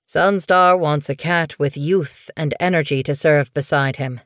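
A woman voicing a gruff old male medicine cat who speaks raspy, slow and ominous, in a dry, close recording. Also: low voice, fairly bright tone, no echo.

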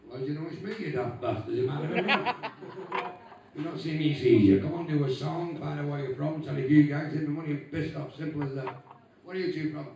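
On a bar's show stage, a brisk, higher-voiced English comedian roasts his audience with insults and profanity in a brash, crude set. The sound is noisy, echoey and far off.

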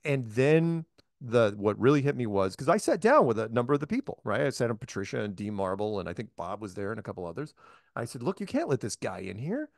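A man hosting a relaxed conversation tells a story with lots of energy, slipping into the voices of the people he quotes. His voice sits at an ordinary pitch and the recording is dry and close, with no room sound. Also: fast, no room sound. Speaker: host. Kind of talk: casual storytelling chat.

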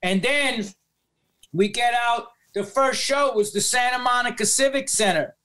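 A man with a New York accent telling profane, animated stories as a podcast guest, acting out the voices of people he quotes. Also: very high-pitched, unhurried. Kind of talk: storytelling in a podcast interview.

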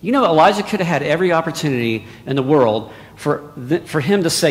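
A male preacher delivering a sermon, dropping to hushed asides and then rising to loud exclamations. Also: a little high, lively intonation, quick pace, few pauses. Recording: long hall reverb.

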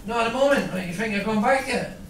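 A man's voice: sits high, lively intonation, quick pace, background noise. A Scottish man compering at a comedy club, teasing an audience member with brash, crude banter on stage. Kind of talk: live stand-up crowd banter. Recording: echoey club, distant mic, loud crowd.

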